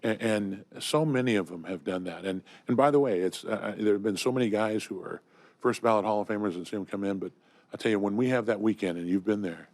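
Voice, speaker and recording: A man's voice: fairly low pitch, fairly quick, a little mellow, no echo. An older man from Southern California, a guest in a studio conversation, telling enthusiastic stories full of fillers and restarts. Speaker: interview guest. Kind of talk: storytelling in conversation.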